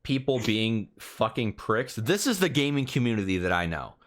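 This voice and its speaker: A man co-hosting a podcast, talking casually in an animated, profane and boastful rant. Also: medium pitch, moderate pace, a little hiss or hum. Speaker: podcast co-host. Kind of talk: casual chat.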